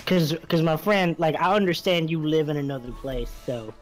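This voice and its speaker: A man chatting casually on a gaming stream voice call, excitable, swearing freely and laughing often. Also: a little high, normal speed, faint music behind. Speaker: stream guest. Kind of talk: casual voice chat.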